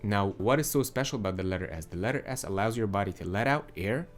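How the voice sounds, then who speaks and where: Man, young adult, voice coach, low pitch, calm, measured, instructional. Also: faint music behind. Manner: calm, measured teaching delivery. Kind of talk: instructional explainer.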